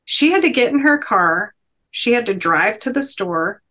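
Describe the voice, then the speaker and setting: Woman, middle-aged, podcast guest, earnest storytelling, emphatic, mid-range pitch. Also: lively intonation, measured pace, sharp tone. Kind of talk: storytelling in a sit-down interview.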